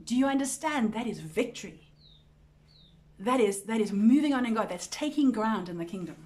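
At a church women's group meeting, a woman teaches Bible study in a slightly high, expressive, somewhat mellow voice at normal speed. She's earnest and conversational, often repeating words and checking in with her listeners. There's slight background noise.

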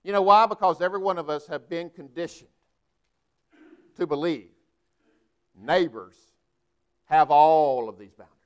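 Man, 40s, pastor, sermon, high voice, clear resonant tone, emphatic. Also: normal speed, long pauses, muffled recording. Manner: emphatic preaching with many rhetorical questions to the congregation.

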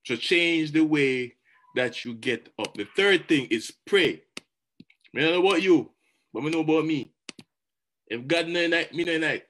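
A man giving a motivational talk, animated and chatty, often repeating words as he goes. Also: a little high, a little slow, long pauses, a little hiss or hum. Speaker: motivational speaker.

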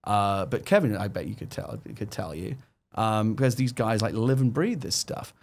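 Excitable man telling stories. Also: fairly low pitch, moderate pace. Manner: excited storytelling with many restarts. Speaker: guest screenwriter. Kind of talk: casual chat.

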